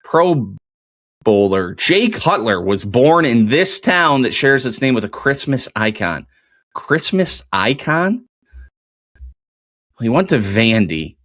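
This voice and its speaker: A man talks casually on his own podcast, thinking out loud and muttering to himself as he goes. His voice sits at an everyday middle pitch, recorded close and dry with no room around it. He rambles freely, with plenty of "like" and "uh.". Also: unhurried, no room sound. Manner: thinks aloud while playing a geography quiz, muttering guesses; excited, rambling TV recap with many fillers. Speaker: podcast host. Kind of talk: casual solo podcast talk.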